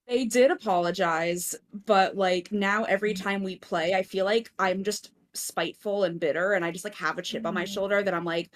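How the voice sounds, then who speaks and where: A woman's voice: medium pitch, steady tone, normal speed, few pauses. A woman chatting casually on an online voice call, rambling with many fillers and poking fun at herself. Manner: rambling, lots of "like" fillers, self-deprecating. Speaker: community member, regular. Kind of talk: casual group chat on a voice call. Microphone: computer mic on an online voice call.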